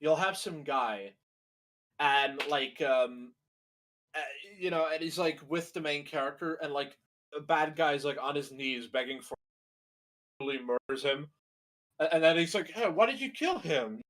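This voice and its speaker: Young man, slightly higher voice, co-host banter, rambling, profane, filler-heavy. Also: steady tone, a little slow, pauses often, a bit bright. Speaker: co-host reacting to a video. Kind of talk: casual reaction commentary.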